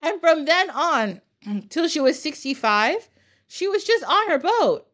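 A woman hosting a podcast, telling a story in a casual, animated way, laughing and swearing casually. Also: high voice, measured pace. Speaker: podcast host.

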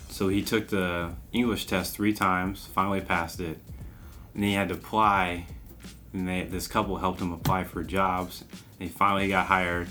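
A man's voice: deep voice, fairly even intonation, normal speed, sharp tone, faint music behind. A young man co-hosting a casual podcast, talking in a laid-back, rambling way and laughing at his own slips. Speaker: podcast co-host.

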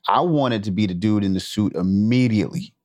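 A man with a low, mellow voice co-hosts a podcast and chats in a laid-back way. He gives short reactions and swears freely. The recording is dry. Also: a little fast, no room sound. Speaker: podcast co-host. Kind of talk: casual podcast chat.

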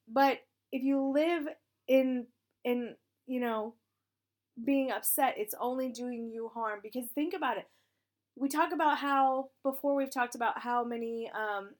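A woman in her thirties, a military spouse with a hoarse, raspy voice, talking casually and frankly, encouraging listeners and swearing now and then. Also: on the high side. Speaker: military spouse sharing advice. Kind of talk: casual direct-to-camera talk.

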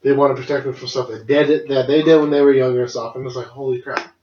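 The recording of this podcast is dull, lo-fi and roomy, with slight background noise, as a young man rambles through a long personal story. His mid-range, darkish voice stays level while he talks fast, laughing often and swearing freely.

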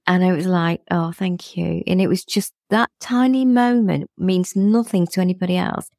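A middle-aged woman with a low, warm voice and a gravelly edge, chatting reflectively as a guest. She laughs often while she talks. The sound is dry and close. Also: normal speed, no room sound. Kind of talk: casual conversational chat.

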